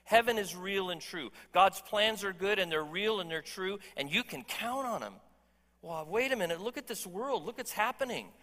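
Man, pastor, sermon, emphatic, conversational, somewhat high voice, big hall echo. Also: expressive, moderate pace, bright, forceful tone. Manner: emphatic, conversational, jokes with the congregation. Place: church hall.

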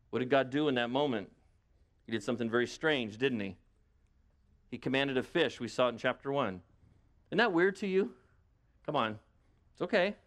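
A man's voice: fairly high pitch, fairly quick, fairly bright tone. A man preaching a sermon as pastor in a conversational way, with lots of rhetorical questions to his listeners.

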